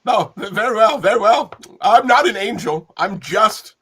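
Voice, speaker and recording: A man's voice: sits high, lively intonation, normal speed, fairly bright tone, husky, pitched above the performer's own voice, full character voice. A man voicing a prim, flustered nanny who is smitten, with genteel, fluttery exclamations. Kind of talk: game master voicing a character.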